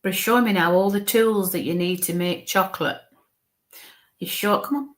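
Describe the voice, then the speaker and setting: Over a live stream mic, a woman working as a psychic medium delivers a reading in fits and starts, breaking off to whisper coaxing asides to herself. She has a fairly low-pitched voice.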